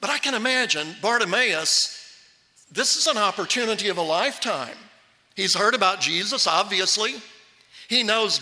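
A man preaching a sermon as pastor, animated and acting out the Bible voices. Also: high voice, normal speed, in a large hall.

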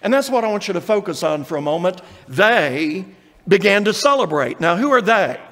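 Male pastor, high voice, earnest sermon with scripture reading, reverberant church. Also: expressive, fast talker. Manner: earnest preaching, reads scripture aloud, acts out quotes.

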